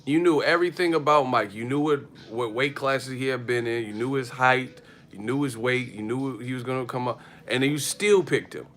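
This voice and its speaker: A man talking off the cuff on a livestream, full of swearing and quick asides that keep tumbling into laughter. His voice is bright and forward, and he sits around a middle pitch for a man. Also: slight background noise. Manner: profane, animated storytelling with frequent laughter. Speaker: boxing livestream host. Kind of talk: casual livestream rant.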